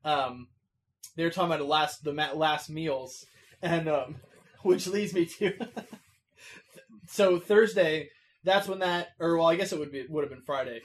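A man's voice: a little high, a little slow. A man chatting casually, rambling through stories with frequent laughter. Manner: rambling, laughs often, quotes cartoon lines. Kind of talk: casual podcast chat.

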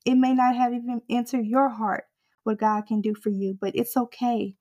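A woman's voice: fairly high pitch, level tone, moderate pace, warm tone. A woman preaching a sermon with fervent, rhythmic exhortation that builds in intensity through repeated refrains.

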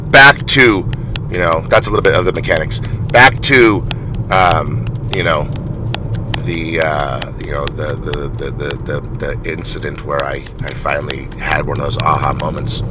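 A man's voice: sits low, noisy background. A middle-aged man telling a personal story in a rambling vlog monologue, full of restarts and fillers. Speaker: vlogger.

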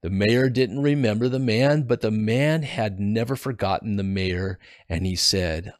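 Male podcast host, lowish voice, dry close sound, reads scripture then chats about it earnestly, restarts phrases. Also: unhurried, few pauses, dry recording. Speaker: podcast host teaching the Bible. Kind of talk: casual devotional Bible reading and commentary.

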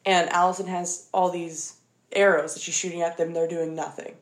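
A woman's voice: on the low side, little pitch movement, normal speed, echoey room. A young woman in casual chat, retelling a story animatedly with lots of fillers.

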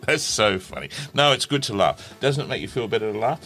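A jovial man hosts a relaxed chat, laughing freely as he leads his guests through laughing exercises. His voice is a medium male pitch, with faint music playing in the background. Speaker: host. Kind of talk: casual interview.

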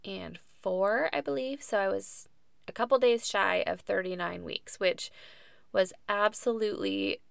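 A woman's voice: medium pitch, unhurried, creaky, dry recording, clean studio sound. A woman in her thirties, a podcast guest, chatting casually about her birth story with plenty of fillers and laughs.

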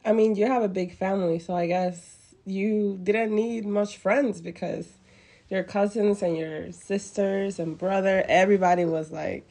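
A woman's voice: mid-range voice, steady tone, measured pace, dark tone. Giggly woman hosting a laid-back podcast, chatty. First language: Spanish. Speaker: podcast host. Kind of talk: casual podcast chat.

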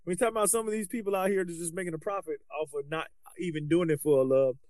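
A man's voice: high-pitched, fast talker, dry recording. A man co-hosting a podcast, talking casually and animatedly about coaching, with loose restarts. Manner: animated, colloquial, restarts often. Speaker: podcast co-host, basketball coach.

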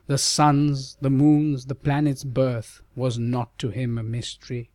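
A man narrating a verse ballad audiobook in a measured, rhythmic reading. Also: mid-range voice, flat delivery, a little mellow, no room sound.

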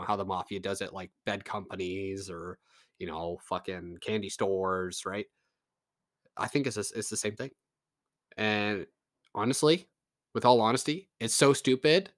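A man's voice: on the low side, fairly bright tone, no room sound, clean studio sound. A man from Canada delivering a casual, profane, sarcastic rant to his audience. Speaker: vlogger.

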